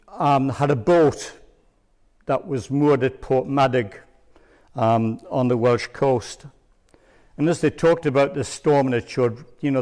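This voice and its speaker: An older man giving a church testimony as a rambling, hesitant storyteller with many pauses and ums. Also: medium pitch, darkish tone. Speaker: church speaker. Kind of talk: sermon testimony.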